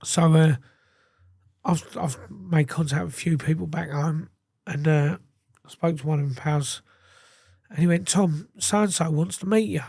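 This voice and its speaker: A man's voice: on the high side, steady tone, a little slow, gravelly, a little mellow, no echo, studio quality. An English man, a podcast guest, telling his story casually with heavy swearing and acted-out quotes. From England. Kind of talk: candid storytelling interview.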